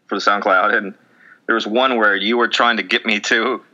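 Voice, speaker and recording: A man co-hosting a loose podcast, his voice very bright and forceful. He rambles and mocks himself, acting out what he said before. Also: on the low side, fairly even intonation, normal speed, highs cut off. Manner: rambling, self-mocking, quotes himself in bits. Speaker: podcast co-host. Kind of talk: casual chat.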